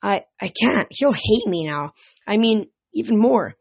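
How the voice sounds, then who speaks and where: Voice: mid-range voice, lively intonation, unhurried, creaky, slightly rough, dull audio, pitched above the performer's own voice, full character voice. A reader voicing a gloomy, sulky teenage boy. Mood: pleading.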